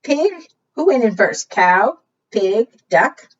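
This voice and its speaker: A woman librarian leading preschool storytime, reading a picture book aloud, asking the children questions and singing along. Her pitch swoops widely and she speaks slowly and clearly. The voice sounds far from the mic, on dull, lo-fi audio. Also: big pitch swings.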